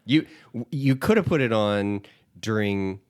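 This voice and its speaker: A man co-hosting a podcast, chatting casually about a film with quick asides and jokes. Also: fairly low pitch, lively intonation, darkish tone, clear, resonant tone. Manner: easygoing, quick agreeing asides and quips. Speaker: podcast co-host.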